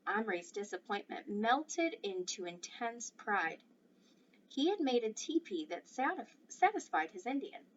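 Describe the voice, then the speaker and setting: A woman reading a children's novel aloud in an expressive, varied way. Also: fairly high pitch, measured pace. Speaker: reader. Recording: distant dull mic with faint noise.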